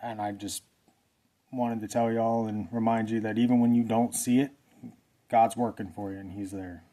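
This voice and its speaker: A man's voice: lowish voice, little pitch movement, normal speed, mellow. A man telling a personal faith testimony in a casual, rambling way, often repeating himself. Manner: earnest, rambling, repeats phrases. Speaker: vlogger sharing a testimony. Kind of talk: casual storytelling.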